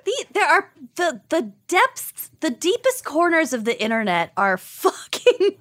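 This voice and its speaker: A woman's voice: extremely high pitch, huge pitch swings, measured pace, a bit bright. A woman co-hosting a podcast in casual chat, teasing and blunt, swearing casually. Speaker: podcast co-host.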